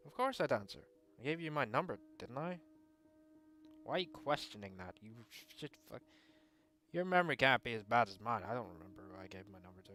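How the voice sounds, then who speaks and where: A man's voice: mid-range voice, very animated, a little fast, pushed and bright. A man playing and reading aloud a visual novel, joking and teasing, swearing freely between narrated lines. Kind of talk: casual gaming commentary with narration.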